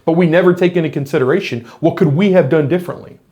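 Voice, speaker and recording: A man's voice: a little high, fast talker, dark tone. A middle-aged man, a former police officer, talking earnestly in a reflective monologue to camera, explaining his points with frequent restarts.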